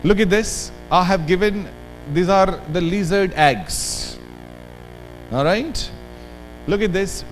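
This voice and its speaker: An Indian man giving an animated workshop lecture, drilling words aloud with the audience. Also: high voice, slow pace, faint music behind, poor audio. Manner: animated, drills words aloud, code-switches into Hindi asides. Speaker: workshop trainer. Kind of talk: lively classroom workshop lecture.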